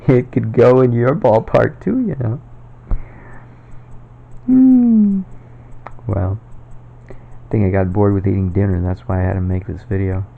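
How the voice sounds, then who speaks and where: A man's voice: fairly low pitch, unhurried, creaky, pauses often. A man at home talking in a casual, rambling monologue for his own video, chuckling often. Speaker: video maker. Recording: dull lo-fi recording.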